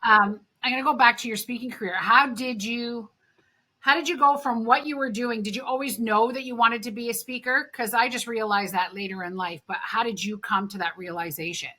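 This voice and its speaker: A woman's voice: a little high, fairly even intonation, a little fast, sharp tone. A woman hosting a podcast, chatting frankly and swearing casually. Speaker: podcast host.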